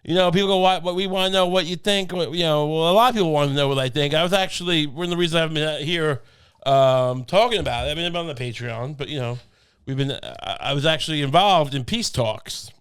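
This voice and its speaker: Smooth-voiced man joking deadpan. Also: fairly high pitch, quick pace. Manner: rambling, deadpan joking with many restarts. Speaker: podcast co-host. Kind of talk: casual comedic chat. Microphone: studio podcast mic.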